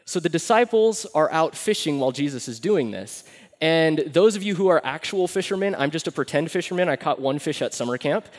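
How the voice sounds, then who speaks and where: A young man preaches to a live congregation. His voice sits a little high, and he tells the story with animated, acted-out quotes, dropping to a near hush on key lines. The sound has the long reverb of a large hall. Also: brisk. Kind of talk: sermon.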